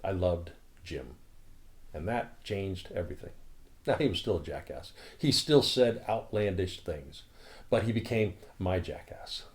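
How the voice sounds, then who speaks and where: A man who leads a spiritual community, telling a story in a calm, earnest, reflective way. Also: low-pitched, a little slow.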